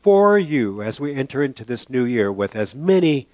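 An older man preaching a sermon through a personal story and prayer, halting and reflective, with many fillers and restarts. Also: medium pitch, big pitch swings, a little mellow, dry recording.

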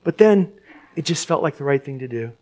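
Animated, high-voiced male preacher telling a story. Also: fairly quick. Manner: expressive, laughs, gets choked up.

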